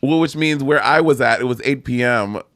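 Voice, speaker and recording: A man co-hosting a podcast in casual chat, talking with animated, sassy banter. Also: medium pitch, moderate pace, no echo, clean studio sound. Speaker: podcast co-host.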